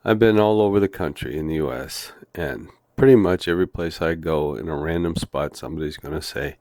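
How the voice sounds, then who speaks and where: A man with a very low voice teaches a devotional Bible lesson. He speaks slowly and deliberately, weaving in folksy, humorous stories from his own life. The sound is dry and close, with no room around it. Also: darkish tone, no echo. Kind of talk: devotional teaching with personal anecdotes.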